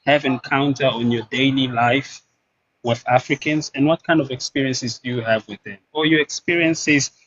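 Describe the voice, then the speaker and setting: A man moderating a live stream debate, calmly trying to keep order. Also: medium pitch, normal speed, lo-fi sound. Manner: calm, tries to keep order.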